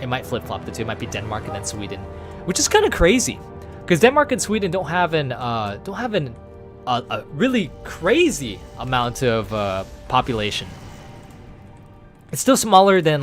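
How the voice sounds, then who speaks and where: Dude streaming, rambling chat w/ viewers, pitch all over the place, faint music behind. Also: male voice. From United States. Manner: rambling, animated, casual swearing, many fillers. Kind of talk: casual chat with viewers while gaming.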